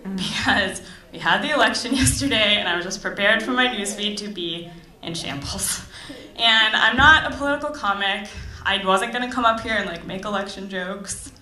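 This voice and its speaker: A young woman from Florida doing stand-up in a comedy club, her voice bright and sharp. She talks in a chatty, sarcastic way full of "like" fillers, and the room gives back a roomy echo. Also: mid-range voice, moderate pace. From Tampa Bay, Florida. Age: young adult.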